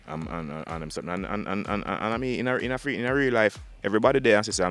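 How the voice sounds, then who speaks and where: A Jamaican man with a lowish voice talks quickly in a loose interview. He circles back over his points and restarts his sentences again and again, with faint music playing behind him. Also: animated, a bit bright. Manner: fast, repetitive, restarts often, uses slang. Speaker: dancehall artist. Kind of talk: interview, casual talk.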